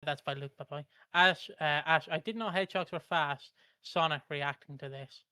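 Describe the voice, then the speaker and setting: British guy reading out chat messages, bright smooth voice, dry close mic. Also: on the high side, moderate pace, dry recording. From Britain. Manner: reads comments aloud with stumbles. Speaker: co-host reading out viewer comments. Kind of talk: live stream, reading chat.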